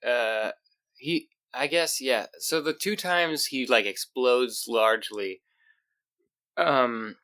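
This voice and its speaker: A man's voice: mid-range voice, slow, bright, forceful tone, smooth, dry recording. A man co-hosting a casual podcast about comics, talking enthusiastically with lots of fillers. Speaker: podcast co-host. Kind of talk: casual chat.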